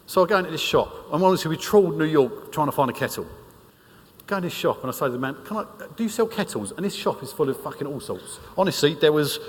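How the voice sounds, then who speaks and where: A man's voice: a little high, fast. A man with a British accent giving a cheeky, profane comic talk at a conference. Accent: British English. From United Kingdom. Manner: cheeky and profane, lots of swearing. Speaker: conference speaker. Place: large conference hall. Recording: reverberant hall with faint noise.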